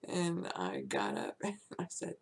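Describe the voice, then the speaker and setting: A woman's voice: lowish voice, very animated, measured pace, creaky. A woman in her sixties telling a frank story from her own life, laughing often as she goes. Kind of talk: casual personal storytelling.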